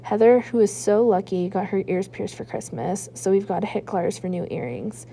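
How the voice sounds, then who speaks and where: A woman, a school librarian, reading a chapter book aloud in a lively first-person narration with hushed asides. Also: mid-range voice, normal speed, vocal fry, a little hiss or hum.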